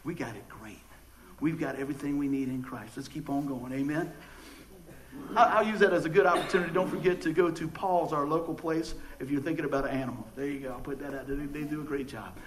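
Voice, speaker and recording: A man's voice: fairly high pitch, fast talker, a little hiss or hum, rough recording. A man preaching a casual sermon, telling jokey stories with many stammered restarts. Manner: folksy, joking storyteller with stammered restarts. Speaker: pastor.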